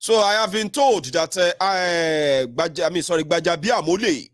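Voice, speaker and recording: A man's voice: a little high, normal speed, few pauses, no room sound, clean studio sound. A middle-aged Nigerian man with a Nigerian accent giving solo political commentary, fiery and mocking, mixing pidgin into his English.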